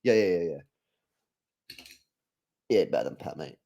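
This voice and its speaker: Chatty bloke streaming a match. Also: male voice, low voice, a little slow, creaky, lo-fi sound. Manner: casual and chatty, slangy, with excited outbursts at match action. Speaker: streamer hosting a live match watch-along. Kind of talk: live football watch-along commentary, reading chat.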